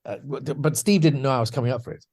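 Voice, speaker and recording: A man's voice: mid-range voice, rapid-fire, creaky, a little mellow, breathy edge. A man guesting on a podcast, telling anecdotes about his career in a chatty, self-deprecating way with lots of restarts. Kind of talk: anecdotal interview storytelling.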